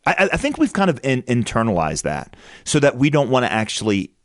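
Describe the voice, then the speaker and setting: A man's voice: mid-range voice, wildly swooping pitch, a little fast, a bit bright, no echo, clean studio sound. A man hosting a podcast interview in an earnest conversational manner, often restarting and repeating words. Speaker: podcast host.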